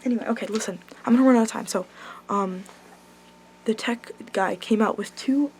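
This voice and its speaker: A young woman vlogs to camera, telling a story in excited, rambling talk. She gushes, fills her sentences with ums and likes, and swears without a second thought. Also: a little high, a little fast, slight background noise. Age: young adult. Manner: gushing, swears casually, many ums and likes. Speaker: vlogger.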